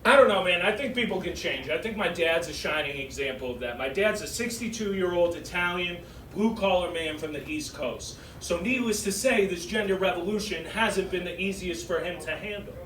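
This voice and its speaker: A young man with a Massachusetts accent works a club crowd, his voice pitched fairly high and pushing out brash, animated punchlines. He is caught from a distance in a roomy, echoing room, with a clear wash of crowd sound underneath. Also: moderate pace, few pauses. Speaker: stand-up comedian. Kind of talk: stand-up set. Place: comedy club stage. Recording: roomy club sound from far off with audience noise. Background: audience laughter.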